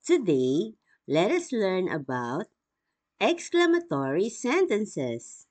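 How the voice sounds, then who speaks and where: A woman teaching a children's grammar lesson, speaking slowly and clearly in a scripted way. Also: mid-range voice. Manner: slow, clearly spoken, lively intonation.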